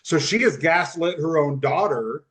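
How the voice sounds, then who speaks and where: A man's voice: on the high side, measured pace. A man telling a personal story on a podcast, acting out the voices of the people in it. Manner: animated storyteller who acts out quoted speech. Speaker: podcast guest. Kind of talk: storytelling in casual conversation.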